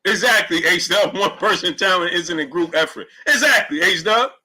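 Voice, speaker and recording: A man's voice: high-pitched, moderate pace, breathy edge, rough recording. A man with a New York accent hosting a casual sports live stream, talking animatedly and reading viewers' comments aloud. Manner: animated, talks straight to chat, reads comments aloud. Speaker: sports show host.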